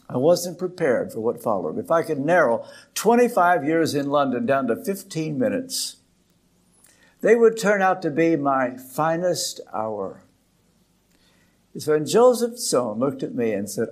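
An older man preaching a sermon in a slow, dramatic way, with emphatic pauses. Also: fairly high pitch, very animated.

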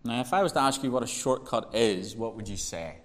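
A man's voice: mid-range voice, a little fast. A man, a pastor leading a prayer and preaching a conversational sermon full of rhetorical questions. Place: church hall. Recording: reverberant church hall.

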